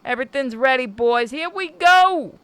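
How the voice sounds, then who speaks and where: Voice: sits high, animated, normal speed, no room sound, pitched above the performer's own voice. A streamer voicing a brash, rude mob-style boss man with a Brooklyn accent, read from a visual novel. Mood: gruff, menacing. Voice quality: loud, rough, rude.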